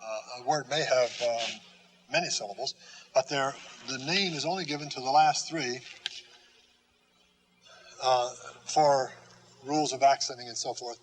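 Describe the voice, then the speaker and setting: An older man giving a recorded Greek grammar lecture, slow and deliberate, with frequent "uh" fillers and repeated key terms. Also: mid-range voice, a little hiss or hum, poor audio. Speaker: Greek teacher.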